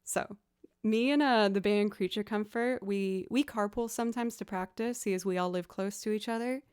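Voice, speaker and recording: A woman's voice: medium pitch, normal speed, a little mellow, clear, resonant tone. A young woman from the Boston area with a Boston accent, chatting casually with viewers on her music livestream, full of likes and you-knows. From Boston area, USA.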